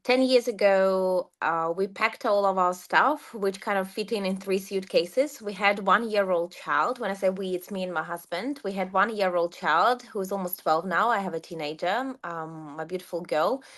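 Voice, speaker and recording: A woman speaks as a guest in a podcast interview. Her voice sits mid-range, and she talks in a measured way, now and then leaving out small words. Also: medium pitch, a bit bright. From Ukraine. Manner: measured, drops articles at times. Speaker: guest, success coach.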